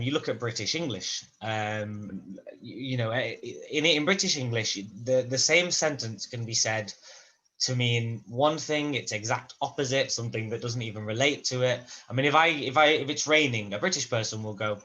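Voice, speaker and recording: A man's voice: mid-range voice, pushed and bright. Man thinking aloud with many restarts. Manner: thoughtful and rambling, with many restarts. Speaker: language student in a conversation class. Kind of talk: casual spoken-practice conversation.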